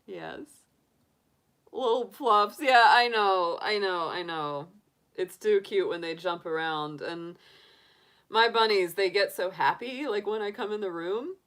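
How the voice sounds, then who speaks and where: A woman's voice: medium pitch, a little slow, fairly bright tone. A middle-aged woman hosting a livestream, chatting casually with viewers in a giggly, rambling way full of laughs and restarts. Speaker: tarot reader livestream host. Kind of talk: casual chat answering live viewers.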